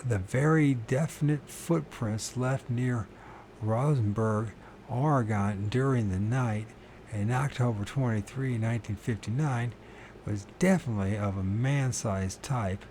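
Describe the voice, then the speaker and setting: A man's voice: mid-range voice, measured pace, darkish tone, a little hiss or hum. A man reading a book aloud, stumbling over words and correcting himself, with casual muttered asides to his listeners. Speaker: channel host reading aloud.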